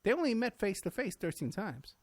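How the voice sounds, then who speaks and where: A man's voice: high voice, big pitch swings, a little fast. A man who is a guest in a casual conversation, agreeing often and laying out details with hesitant fillers.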